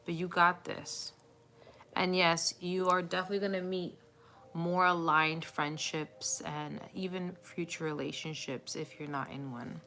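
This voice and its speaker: A woman's voice: lowish voice, flat delivery, a little slow, bright, forceful tone, a little hiss or hum. A woman doing a live tarot reading, talking in a chatty, reassuring way with many fillers and frequent laughs. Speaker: tarot reader.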